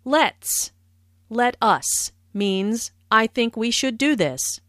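A woman in the role of a language teacher reads scripted lesson notes. She speaks slowly and enunciates each phrase carefully, with plenty of lilt in a fairly high voice. The sound is dry and close. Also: expressive, fairly bright tone, no room sound. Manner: slow, careful, clearly enunciated explanations.

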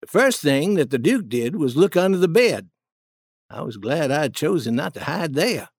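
Male storybook narrator, steady first-person telling, animated pitch, dry booth. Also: normal speed, no echo.

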